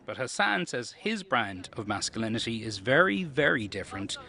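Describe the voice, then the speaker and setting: A man's voice: medium pitch, big pitch swings, creaky, bright, forceful tone. A man narrating a news report as scripted voice-over. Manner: measured narration. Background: music bed.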